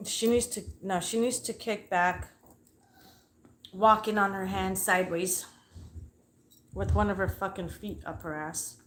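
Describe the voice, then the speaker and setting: A woman livestreams from home with dogs nearby, launching into a heated casual rant. Her mid-range voice stays steady and measured with frequent pauses, while she tells the story bluntly and profanely. The sound is roomy and echoey, with a little hiss or hum.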